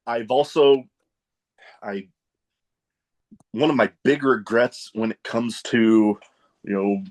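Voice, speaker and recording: A man hosting a casual podcast chat, telling animated stories and laughing at his own jokes. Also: mid-range voice, slow. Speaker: podcast host.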